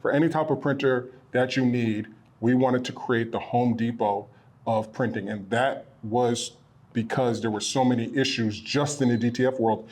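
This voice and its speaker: A man who owns a printing supply business, chatting casually and a bit ramblingly as he pitches products from his small shop. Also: steady tone, moderate pace, darkish tone. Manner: rambling, self-correcting, earnest. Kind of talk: casual promotional chat. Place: their small shop location.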